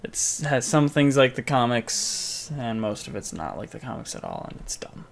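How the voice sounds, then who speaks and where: A young man co-hosting a podcast, casually retelling a movie in a rambling, jokey way with quick mock voices. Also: medium pitch, huge pitch swings, vocal fry. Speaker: podcast co-host. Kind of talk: casual movie recap chat.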